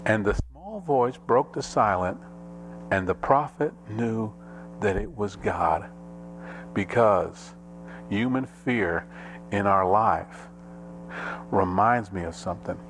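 Man preaching with sweeping dramatic pitch swings. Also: lively intonation, takes it slowly, pauses often, a bit bright, a little hiss or hum. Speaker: pastor. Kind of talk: sermon.

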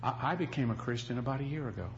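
A man's voice: mid-range voice, very fast, dull audio, a little hiss or hum, pitched below the performer's own voice, close to an everyday voice. A preacher voicing a hesitant man from his past who stumbles over his words. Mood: sheepish. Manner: hesitant, stammering. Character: sheepish man who once wronged the speaker.

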